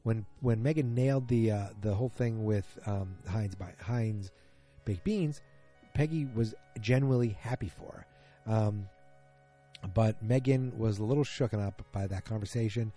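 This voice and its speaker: A man's voice: on the low side, normal speed, mellow, faint music behind. A man hosting a casual solo podcast, retelling events in a rambling, self-correcting way. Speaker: podcast host.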